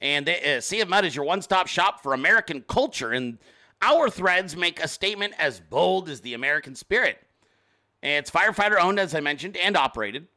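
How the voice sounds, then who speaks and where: Bright, high-voiced joking male host. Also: lively intonation, fairly quick. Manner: profane, joking, rambling; reads sponsor ads informally. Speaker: show host. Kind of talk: casual live-stream commentary.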